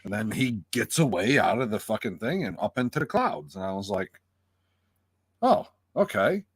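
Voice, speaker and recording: Casting note: male co-host with a lively, swooping delivery, profane and animated, dry close sound. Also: on the low side, a little fast, slightly rough, no echo. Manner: profane, animated, acts out his reactions. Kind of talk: casual review chat.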